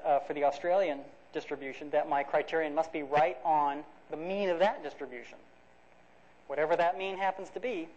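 A man's voice: on the high side, darkish tone. A man giving a conversational academic lecture, explaining step by step with frequent restarts and fillers. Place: lecture hall. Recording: dull lo-fi lecture recording.

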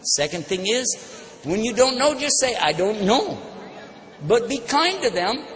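A man giving an animated religious lecture, telling personal stories and acting out the dialogue. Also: very high voice, normal speed. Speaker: Islamic speaker. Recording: long hall reverb, faint background noise.

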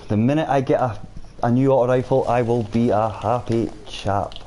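Chatty male game streamer, mellow voice. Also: mid-range voice, steady tone, normal speed, a little hiss or hum. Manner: chatty, reads and answers viewer chat while playing. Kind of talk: casual live-stream chat over gameplay.

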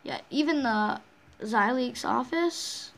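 A woman's voice: a little high, animated, takes it slowly, creaky. A woman hosting a casual game walkthrough, rambling along with frequent restarts and self-corrections. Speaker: game channel host.

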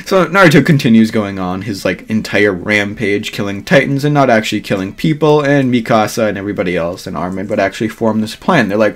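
A man's voice: on the low side, animated, quick pace, few pauses. A man telling a fan-made what-if story in a rambling, filler-heavy way, swearing freely.

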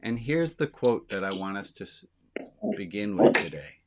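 A man, a rabbi, giving an informal sermon to his congregation, talking candidly and slowing down to stress the lines that matter. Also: on the low side, big pitch swings, heavy background noise.

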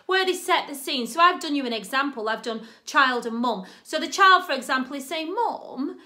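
A woman teaching a drama and writing lesson, chatty and animated, often checking in with "okay?". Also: high-pitched, fairly quick. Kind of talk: instructional talk.

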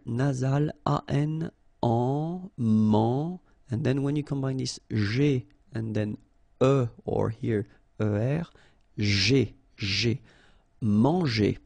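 A male French teacher with a French accent walks through words at a slow, patient pace. His voice is dark and gravelly, recorded dry and close. He repeats each sound with short explanations. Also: mid-range voice, no echo. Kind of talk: slow vocabulary lesson, spelling out sounds.

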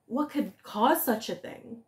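A woman's voice: fairly high pitch, expressive, slow pace. Woman doing the devil's scolding old mother. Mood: coaxing. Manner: scolding, coaxing. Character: devil's old mother, sharp-tongued but caring. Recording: echoey room.

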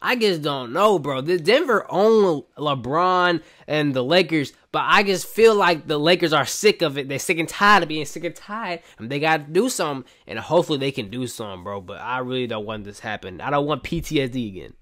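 A man reacting to basketball clips, animated and incredulous, saying "bro" at the end of many lines. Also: a little high, a little fast, hardly any pauses. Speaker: reaction streamer. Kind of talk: excited sports reaction commentary.

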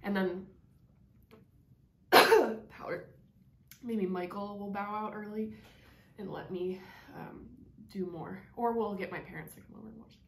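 A woman's voice: mid-range voice, a little slow, long pauses, a bit bright. A woman in her thirties chatting casually as co-host during a spicy food challenge. She rambles with many fillers and talks through a burning, drooling mouth. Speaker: channel co-host. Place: home room. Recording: echoey room, faint hiss.

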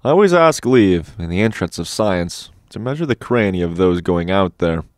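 A man's voice: sits low, animated, moderate pace, no room sound, clean studio sound. A man reading an eccentric little old doctor in an audiobook, quizzical and matter-of-fact. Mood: calm.

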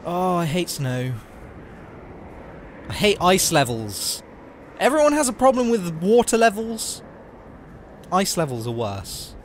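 A man's voice: high voice, sing-song, slow pace, long pauses, a little hiss or hum. A young man talking casually and swearing while playing a game, joking and rambling. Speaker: let's play host. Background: game music.

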